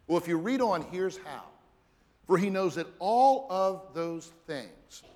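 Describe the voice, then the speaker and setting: A man, a pastor, preaching a sermon in an earnest manner, sinking low and quiet for prayer. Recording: reverberant church hall.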